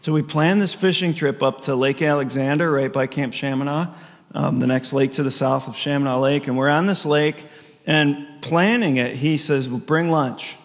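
A man's voice: on the high side, steady tone, moderate pace. A man preaching a sermon as a pastor, telling stories in a loose conversational way with frequent chuckles. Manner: conversational storytelling with frequent laughs. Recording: long reverb of a large hall.

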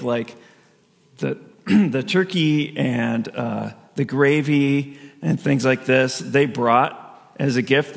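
A man's voice: mid-range voice, gravelly. A man preaching a sermon as a pastor, telling stories in a loose conversational way with frequent chuckles. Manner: conversational storytelling with frequent laughs. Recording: long reverb of a large hall.

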